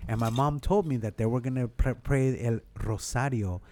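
A man from Mexico with a mid-pitched voice, telling a funny story among friends. He pokes fun at himself and mixes in Spanish words. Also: moderate pace, a little mellow, slight background noise. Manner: storyteller, self-mocking, drops in Spanish words. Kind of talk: casual storytelling.

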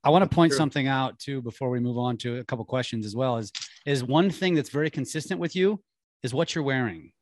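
A man hosting an interview, energetic, often restarting his sentences. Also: medium pitch, fast talker. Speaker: host. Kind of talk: casual interview chat.

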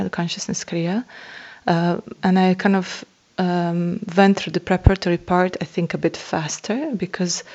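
A woman with a lowish voice tells a personal spiritual story, earnest and awed, and often pauses with soft laughs. The recording is dull and lo-fi. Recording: dull lo-fi sound.

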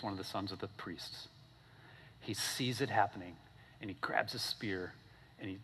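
A man preaching a sermon in a casual, animated storytelling way, often checking in with "okay?" and "right?". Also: slight background noise. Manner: animated storytelling, acting out characters with big pitch swings. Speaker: pastor. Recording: long hall reverb.

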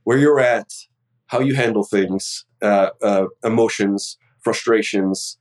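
A fairly low-voiced man hosts a podcast over a remote recording. He is a bit sick, yet he sounds earnest and affectionate as he sets up the episode. His speech is loose and full of fillers. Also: takes it slowly, low-quality recording. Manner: warm, earnest, many fillers. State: slightly sick. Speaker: podcast host. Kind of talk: casual interview intro.

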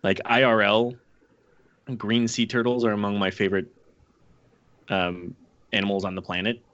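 Man, gaming chat, gushing, lowish voice, muffled lo-fi audio. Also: normal speed. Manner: gushing, excited. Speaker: podcast co-host.

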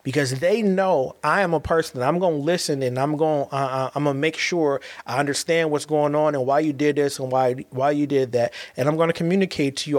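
A man's voice: on the high side, steady tone, brisk, hardly any pauses. Earnest father speaking from the heart. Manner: earnest, repeats and restarts phrases, emphatic. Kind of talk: heartfelt monologue.

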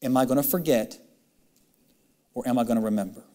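A male pastor preaches impassioned sermon and reads scripture, his voice climbing high on emphatic questions. He reads the old-style scripture in a quick, steady run.

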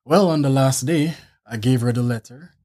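A man casually sharing a faith testimony about his marriage, acting out quotes as an animated storyteller. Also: medium pitch, normal speed. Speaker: husband telling their story.

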